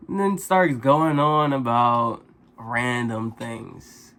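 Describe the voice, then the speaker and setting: A man vlogger tells a casual story in a mid-range voice. He talks in slang and sounds exasperated, jumping up in pitch when he's amazed. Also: slow, pauses often, a bit bright.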